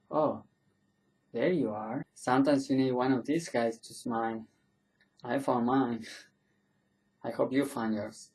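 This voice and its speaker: A man teaching pronunciation in a relaxed online video, with a voice of middling pitch. He repeats each example word slowly so learners can copy it. He often trips, backs up and apologizes before carrying on. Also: poor audio. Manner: loose and self-correcting, often apologizing and restarting. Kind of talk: casual online video lesson.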